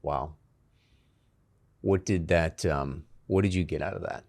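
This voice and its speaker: Very deep-voiced man, soft and halting. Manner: soft-spoken, halting, searching for words. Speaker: podcast host. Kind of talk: reflective interview questions.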